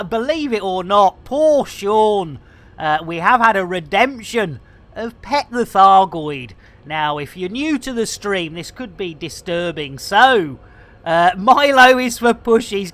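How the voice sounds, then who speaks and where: Jokey woman game streamer. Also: mid-range voice. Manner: jokey, theatrical, shouts greetings. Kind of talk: live game stream chat.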